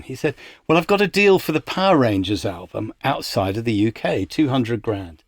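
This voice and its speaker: A man's voice: medium pitch, moderate pace, dry recording. Storytelling man, dry close sound. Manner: anecdotal, animated when quoting others. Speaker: music industry executive, podcast guest. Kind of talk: casual storytelling interview.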